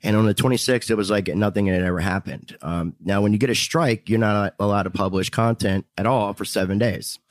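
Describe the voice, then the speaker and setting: A man's voice: fairly low pitch, fairly even intonation, brisk, hardly any pauses, no room sound. A man as a YouTuber guest in a casual interview chat, rambling and repeating himself. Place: restaurant VIP room.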